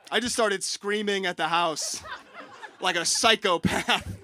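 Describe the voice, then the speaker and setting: A young man performing a stand-up comedy set on stage, animated and profane, often breaking into shouts. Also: high-pitched, slow, no room sound. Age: young adult. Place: live comedy show on stage.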